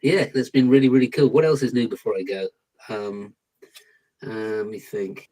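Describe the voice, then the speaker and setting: Husky British man, joking on a call. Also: fairly low pitch, level tone, moderate pace, dark tone, rough recording. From Britain. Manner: jokey, self-deprecating. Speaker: guest podcaster. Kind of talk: casual video call chat. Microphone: video call.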